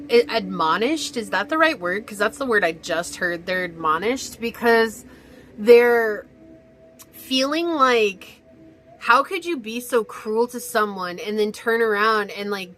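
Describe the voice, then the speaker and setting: A woman giving a casual pick-a-card tarot reading, rambling and animated with many fillers and restarts. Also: medium pitch, a little hiss or hum. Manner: rambling, animated, lots of fillers and self-corrections. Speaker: tarot reader.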